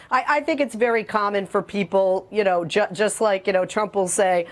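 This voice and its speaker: A woman speaks as a guest commentator on a news panel. She talks candidly and pokes fun at herself, with a voice of middle pitch. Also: normal speed. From Boston. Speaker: radio talk show host, guest commentator.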